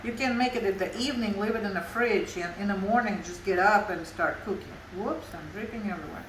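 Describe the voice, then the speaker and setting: A woman's voice: mid-range voice, fast talker, reverberant, slight background noise, low-quality recording. A woman from Russia with a Russian accent, chatting her way through a home cooking demonstration in her kitchen, explaining each step in broken English. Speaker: cooking show host.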